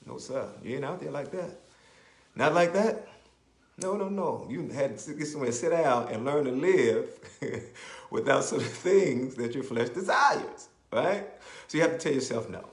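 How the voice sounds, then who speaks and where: A man preaching a sermon as a bishop, repeating phrases, checking in with "right?", and slowing down to explain scripture. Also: medium pitch, lively intonation. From Maryland, US. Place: church. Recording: roomy echo.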